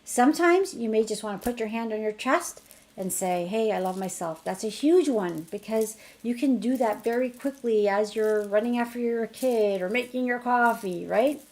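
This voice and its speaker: A middle-aged woman teaching an energy healing technique in a chatty online class, her voice rising brightly when she acts out what she tells others. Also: on the high side, normal speed. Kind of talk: casual online teaching demonstration.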